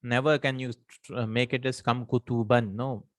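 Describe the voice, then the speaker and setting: A man's voice: mid-range voice, fairly even intonation, moderate pace, no echo. A man teaching an Arabic grammar lesson in English, explaining step by step, working Arabic terms into his speech and checking in with the listener.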